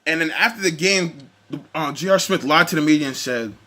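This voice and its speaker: A man with a high, bright voice delivers a fired-up sports rant straight to the camera. He talks in a heated, animated way, full of exasperation at the game. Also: brisk. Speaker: sports vlogger.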